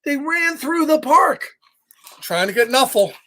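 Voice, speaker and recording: A man reading a picture book aloud to young children, with animated, chatty asides to his listeners. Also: very high voice, unhurried. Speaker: storytime reader for children.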